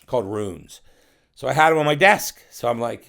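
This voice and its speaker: A middle-aged man with a gravelly, creaky voice, telling long, loose stories as a podcast guest. He swears casually and slips into other people's voices as he goes, at an ordinary pitch for a man. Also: lively intonation, moderate pace, a bit bright. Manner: profane, rambling storyteller who acts out others' voices. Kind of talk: casual storytelling interview.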